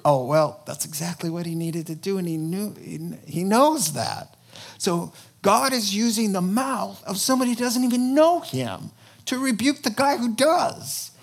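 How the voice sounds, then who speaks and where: A fairly high-voiced man preaches a sermon in a loose, conversational way. He talks to the congregation like a friend, then suddenly pushes his voice up for emphasis. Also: moderate pace, creaky. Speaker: pastor.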